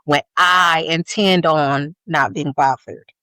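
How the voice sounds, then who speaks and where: A woman's voice: deep voice, slow pace, bright, forceful tone, no echo. A woman co-hosting a podcast in casual chat, telling long, blunt, profane stories. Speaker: podcast co-host.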